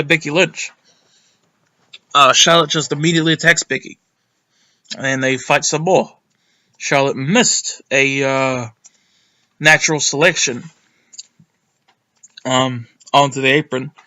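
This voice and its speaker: A young man recapping a wrestling show in a rambling, excitable way, with lots of ums and some swearing. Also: on the high side, slow pace, long pauses. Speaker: wrestling reviewer. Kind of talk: casual recap monologue.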